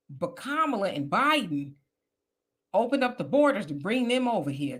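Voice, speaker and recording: Animated, bright-voiced woman host. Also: high-pitched. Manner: animated, blunt, talks back to chat comments. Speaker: political talk show host reading live chat. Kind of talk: casual live-stream talk.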